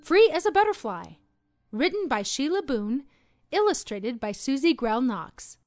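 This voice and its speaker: A woman narrating a children's read-along storybook in an expressive, sing-song storytelling manner. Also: sits high, measured pace, no room sound, soft background music.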